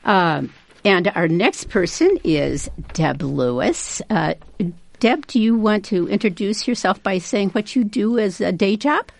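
A woman hosting a local radio show, introducing guests in a halting, self-deprecating way. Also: medium pitch, animated, creaky, no echo. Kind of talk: unscripted studio talk introducing guests.

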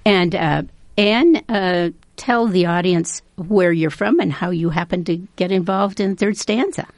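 A woman with a lowish, gravelly voice hosts a radio show, introducing guests with halting, self-deprecating remarks. The sound is dry and close. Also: a little mellow, no echo. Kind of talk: unscripted studio talk introducing guests.

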